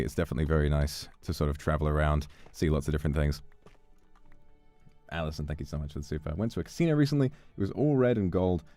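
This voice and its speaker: A young man chatting casually with his chat, playful and swearing freely, with quick restarts. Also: a bass voice, warm tone, dry recording. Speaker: streamer. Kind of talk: casual chat reading donations.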